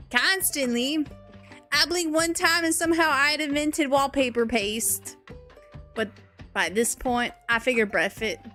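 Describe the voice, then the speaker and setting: A woman's voice: fairly high pitch, sharp tone. A woman voicing a folksy, exasperated Southern storyteller with a put-on American Southern accent, reading a comic story in an exaggerated drawl.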